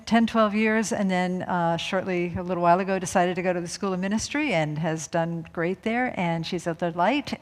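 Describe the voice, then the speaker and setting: Woman minister hosting, chatty and lightly laughing; low voice, reverberant hall. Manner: warm, chatty, laughs between remarks. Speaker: minister and host. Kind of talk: church service introduction. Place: church sanctuary. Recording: long reverb in a hall, audience faint.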